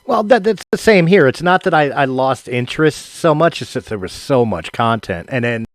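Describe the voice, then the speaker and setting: A man's voice: medium pitch, lively intonation, normal speed, no echo. A man hosting a podcast, chatting in an enthusiastic, casual way and laughing often. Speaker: podcast host. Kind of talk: casual interview chat.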